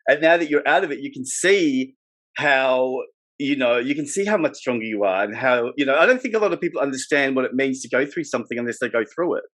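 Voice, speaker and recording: A man's voice: mid-range voice, lively intonation, fast, a bit bright. A man hosting a podcast interview, asking long, chatty, encouraging questions in loose, rambling phrasing. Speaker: podcast host. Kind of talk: conversational interview.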